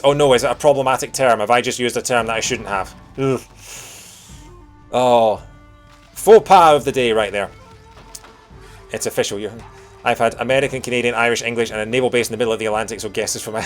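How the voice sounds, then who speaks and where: A young Scottish man chats while playing a game, rambling and jokey and quick to poke fun at himself. His voice sits in a mid range, with faint music underneath. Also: mid-range voice. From Scotland. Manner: rambling, jokey, self-deprecating, chatty. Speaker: game streamer. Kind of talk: casual let's-play chat.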